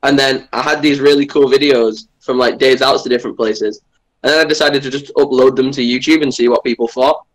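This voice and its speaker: A man's voice: mid-range voice, steady tone, fairly quick, low-quality recording. A young man with a Northern English accent, a podcast guest talking over an online call in a chatty, rambling way. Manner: chatty, rambling with many "like" fillers. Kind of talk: casual interview. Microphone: remote call over Discord.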